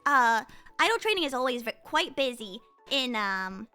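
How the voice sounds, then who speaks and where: A woman's voice: on the high side, very animated, normal speed, bright, forceful tone, smooth, faint music behind. A young woman VTuber chatting casually with her stream chat, rambling and playful with many fillers.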